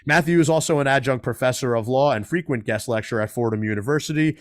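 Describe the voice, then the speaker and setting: Talk radio host, joking asides. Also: male voice, medium pitch, fast, no echo, studio quality. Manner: lively, joking asides while reading a long introduction. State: out of breath.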